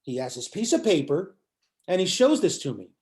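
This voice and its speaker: An older male musician, a guest in an interview, tells a story and acts out what the people in it said. His voice is a little high and moves at a moderate pace, and he delivers it all with animation.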